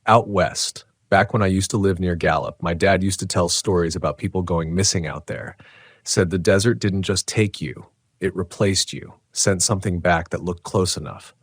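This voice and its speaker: A man's voice: deep voice, no echo, clean studio sound. A man voicing a wary diner waitress. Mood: ominous. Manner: slow, probing. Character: wary small-town female diner waitress.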